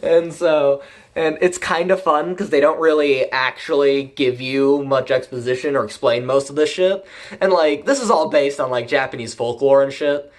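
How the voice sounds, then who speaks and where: A man recaps an episode in a loose, rambling way, swearing freely and breaking into laughs. His voice sits a little higher than most men's. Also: normal speed. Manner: rambling, profane, laughs often. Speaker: anime reviewer. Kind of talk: casual profane recap.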